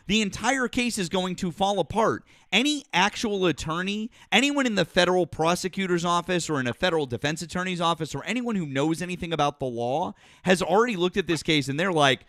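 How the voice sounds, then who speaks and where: A man's voice: high voice, fairly bright tone, dry recording, studio quality. A man hosting a political call-in stream, arguing hard with a caller in a profane, combative way, his throat sore. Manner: argumentative, profane, talks over callers. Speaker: political talk show host. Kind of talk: heated live call-in debate.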